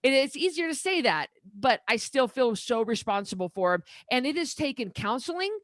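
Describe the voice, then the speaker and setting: Casting note: earnest, emotional woman coach in her middle years, pitched a bit high, dry close sound. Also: sing-song, moderate pace, dry recording. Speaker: podcast guest, diet coach. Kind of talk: candid interview talk.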